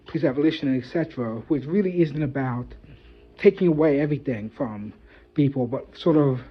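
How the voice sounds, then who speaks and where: Man vlogger, slightly high voice, loose talk full of fillers, dull lo-fi audio. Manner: thoughtful, loose, filler-heavy with "sort of". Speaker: video host. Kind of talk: casual commentary to camera.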